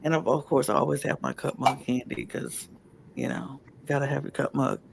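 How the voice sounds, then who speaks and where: A woman hosting a casual podcast in a hoarse, husky, raspy voice, with a sassy, playful manner. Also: extremely low pitch, moderate pace, noisy background. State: hoarse, losing her voice. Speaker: podcast host.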